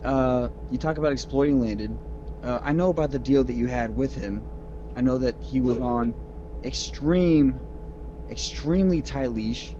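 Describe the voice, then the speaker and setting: A male caller speaking in a measured way, trying to keep the argument reasonable. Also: medium pitch, mellow. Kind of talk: call-in argument. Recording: muffled call line with faint noise.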